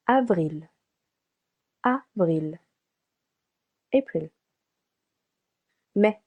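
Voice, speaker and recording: Woman, French teacher, very slow, dark mellow tone, repeats each word. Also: medium pitch. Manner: slow and deliberate, repeats words for practice. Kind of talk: slow scripted language lesson.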